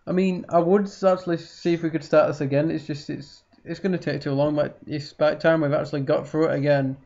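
A man's voice: a little high, steady tone, a little fast, creaky, a little mellow. Teasing man. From Yorkshire, England. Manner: teasing, sarcastic. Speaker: co-commentator. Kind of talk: casual let's play banter. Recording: dull lo-fi mic.

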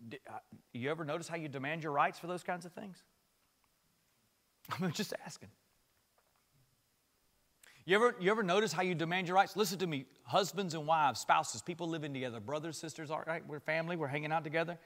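A man preaching a sermon as pastor, switching between loud impassioned passages and quiet conversational asides, with repeated phrases. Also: on the high side, fairly quick, long pauses, in a large hall.

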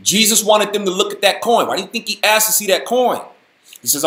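Man preaching bible stuff real casual and folksy, higher voice, echoey room. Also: a little fast. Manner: animated, folksy, slangy preaching. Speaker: host, Bible teacher. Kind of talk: casual Bible study talk.

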